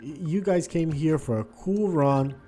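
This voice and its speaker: A man giving casual gameplay commentary, thinking aloud and swinging between quiet muttering and frustrated outbursts. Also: a little high, expressive, a little slow, faint music behind. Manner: thinks aloud, repeats words and restarts. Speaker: gaming video host.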